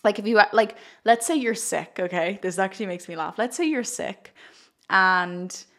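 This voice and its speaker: A woman's voice: mid-range voice, moderate pace. A young woman, a spiritual coach talking casually on a live stream in an effusive, chatty way, full of fillers. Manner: chatty and effusive, heavy use of "like", frequent laughter. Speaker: spiritual coach and card reader.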